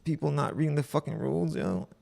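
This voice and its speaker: A man's voice: a little high, expressive, fast talker, creaky, a little mellow. A man streaming himself reading online posts aloud and reacting with profane, exasperated commentary.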